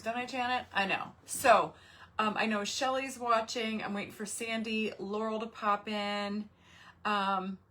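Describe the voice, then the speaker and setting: A woman's voice: medium pitch, a bit bright, slight background noise. Chatty woman hosting a craft livestream. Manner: chatty, greets viewers by name. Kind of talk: casual live craft stream chat.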